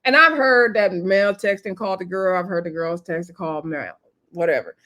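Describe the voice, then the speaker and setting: A woman's voice: on the low side, moderate pace, sharp tone. A woman casually recapping a reality show episode for her viewers in a chatty way, full of fillers. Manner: chatty retelling with fillers, addressing viewers as y'all.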